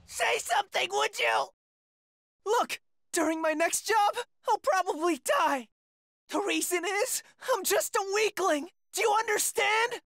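A woman's voice: extremely high pitch, a little slow, a bit bright, dry recording, studio quality, heavily acted. A woman voicing a cowardly, whiny teenage boy swordsman who shrieks in melodramatic panic, in an anime fan dub. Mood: panicked.

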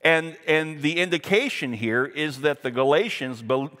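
Male pastor, fairly high voice, emphatic sermon delivery, echoing church hall. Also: normal speed, fairly bright tone. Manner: earnest, emphatic preaching with scripture readings.

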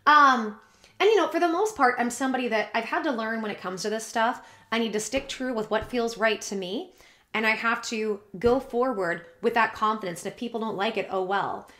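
A woman's voice: fairly high pitch, a little fast, sharp tone. A woman YouTuber talking to her viewers in an emotional confessional vlog, earnest and rambling, close to tears.

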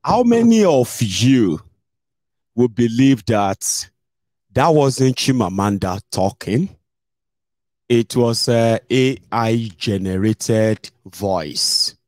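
A man's voice: mid-range voice, lively intonation, drawn-out words, darkish tone, no room sound, clean studio sound. A man with a Nigerian accent hosting a political livestream, chatty and digressive, slipping into pidgin with many fillers. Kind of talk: casual livestream commentary.

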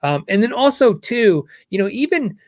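A man's voice: high-pitched, sing-song, moderate pace, dry recording, studio quality. A middle-aged man hosting a casual live Q&A show, explaining guitar setup in a conversational way as a guitar tech.

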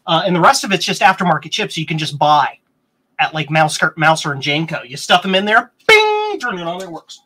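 A rambling, chatty man hosts a casual live stream with a bright, forward tone. He wanders between explanations and viewer comments, and now and then his pitch jumps up with excitement. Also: fairly quick, breathy edge. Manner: excitable, bursts into higher pitch. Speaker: host of a vintage computer stream.

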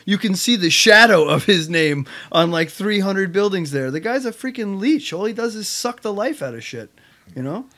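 A man's voice: high-pitched, animated, normal speed, sharp tone. A man co-hosting a casual talk show, giving blunt, heated opinions in a rant. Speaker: co-host. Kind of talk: casual chat.

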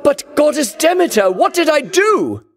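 Grandiose game hero, vain champion, high and swooping, unhurried declamation. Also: male voice, very animated, exaggerated voice. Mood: boastful taunting. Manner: grandiose, theatrical taunting. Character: pompous boastful male hero champion. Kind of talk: video game voice acting.

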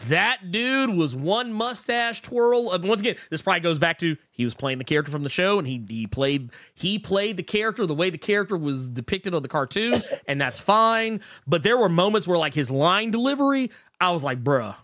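Animated, stammering man on a podcast. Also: sits high, fairly quick, hardly any pauses, no echo, studio quality. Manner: stammering restarts, animated, reads viewer comments. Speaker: podcast co-host. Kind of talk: casual chat.

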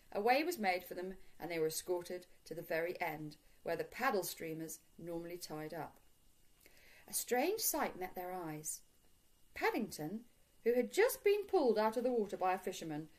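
A woman teacher reading a bedtime storybook aloud in a clear, gentle storytelling manner. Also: medium pitch, low-quality recording.

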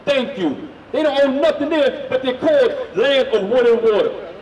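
A man street preaching, loudly firing questions at the crowd and drilling his points home. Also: very high-pitched, expressive, moderate pace, lo-fi sound. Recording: echoey, from far off.

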